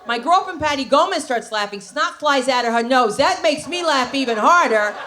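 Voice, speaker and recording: New jersey lady doing standup, high lively voice, loud and brash, bit of club noise. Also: moderate pace. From New Jersey, USA. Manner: brash, animated storytelling with put-on voices. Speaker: stand-up comedian. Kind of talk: stand-up comedy. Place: comedy club stage.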